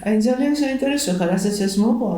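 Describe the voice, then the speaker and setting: A woman hosting a TV talk show, quickly retelling her guest's story. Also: sits high, warm tone. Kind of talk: TV interview hosting. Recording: echoey studio.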